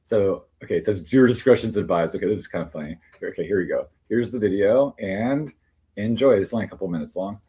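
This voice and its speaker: A man's voice: lowish voice, fast, warm tone, breathy edge. A man chatting casually on a livestream, rambling with many fillers and restarts. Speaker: streamer.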